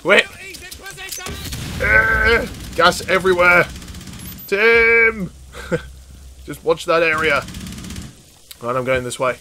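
A man giving chatty, excitable commentary over his own gameplay, often laughing and swearing. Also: sits high, drawn-out words, pauses often, slight background noise. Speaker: gaming video host.

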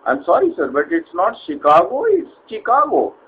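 A man's voice: a little high, expressive, unhurried, narrow, tinny audio. A man playing a polite Indian call center agent. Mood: politely formal. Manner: polite, formal, hesitant with fillers. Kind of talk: comedy sketch.

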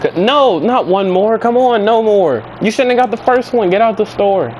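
A man's voice: mid-range voice, expressive, brisk, darkish tone, slight background noise, natural voice, low-quality recording. A man playing an exasperated, cursing driver. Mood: scolding. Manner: exasperated, profane, talks to himself. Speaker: driver in a game skit. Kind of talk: improvised game skit role-play.

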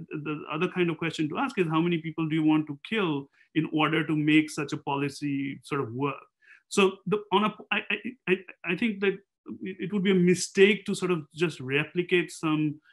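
A man's voice: a little high, fairly bright tone. A man speaking as a panelist in an academic seminar, thinking aloud in a discursive way and posing rhetorical questions.

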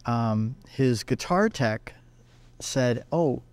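A male guest guitarist telling anecdotes in a lively way, briefly acting out what other people said. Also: mid-range voice, drawn-out words, clear, resonant tone. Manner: acts out other people's lines while telling stories. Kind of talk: animated anecdotal storytelling.

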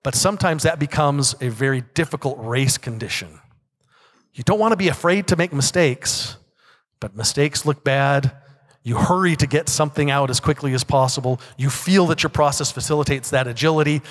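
A man's voice: on the high side, moderate pace. Man giving a talk in a reverberant hall. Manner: conversational, asks rhetorical questions. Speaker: conference speaker. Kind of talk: conference talk. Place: conference hall.

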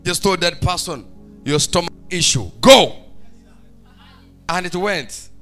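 A male preacher delivers a fervent church sermon. His voice is high and sharply bright, and he swings from shouted, sing-song peaks to near-hushed lines. Soft music plays faintly underneath. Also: normal speed. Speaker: pastor. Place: church service.

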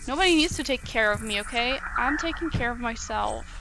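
A woman's voice: a little high, a little fast, hardly any pauses, rough recording. A woman giving outspoken, emotional commentary while playing a video game, swearing freely. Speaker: let's play gamer. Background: game music.

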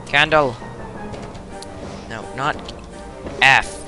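A man's voice: mid-range voice, extremely slow. A teenage man giving jokey, rambling let's play commentary on a headset, swearing at the game. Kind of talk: casual gameplay commentary. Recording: game music playing behind.

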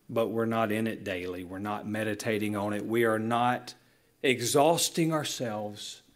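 A male pastor delivering a sermon in a church, earnest and illustrative, slowing down to stress key lines. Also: on the low side. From Southern United States. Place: church sanctuary.

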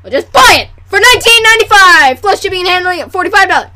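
A woman putting on a hyper male pitchman selling pudding in a mock commercial, shouting frantically. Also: expressive, fast talker, heavily acted. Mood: manic shouting.

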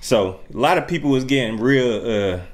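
Animated, joking man in casual chat. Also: medium pitch, normal speed. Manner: laid-back, joking, slangy. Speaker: reaction video co-host. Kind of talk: casual chat reacting to a music video.

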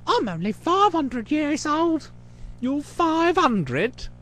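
A man putting on a silly, squeaky high-pitched voice for a joke. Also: very animated, takes it slowly, a bit bright, full character voice.

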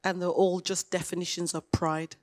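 A woman pastor, preaching a sermon in a conversational way and retelling dialogue with lively emphasis. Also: fairly low pitch, moderate pace.

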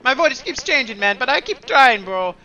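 A man's voice: extremely high pitch, big pitch swings, moderate pace, pushed and bright, muffled recording, exaggerated voice. A man voicing Luigi as a goofy, broke younger-brother plumber who whines and pities himself, with game music faintly behind. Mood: whiny.

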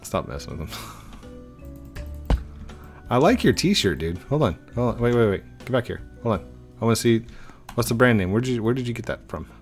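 A man's voice: medium pitch, fairly quick, long pauses, a little mellow, soft background music. A man hosting a gaming video, rambling and joking with other players in casual commentary.

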